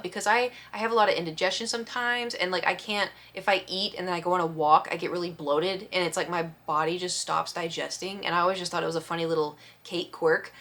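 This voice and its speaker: A woman vlogger telling a story in casual chat, expressive and acting out the quotes. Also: lowish voice. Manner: chatty, expressive storyteller who acts out quotes.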